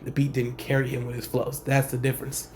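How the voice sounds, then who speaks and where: A young man, a rapper, speaking in a laid-back, slangy way with a monotone delivery in a casual vlog. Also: mid-range voice, a little fast, slight background noise. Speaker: rapper and channel host. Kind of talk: casual talking-head vlog.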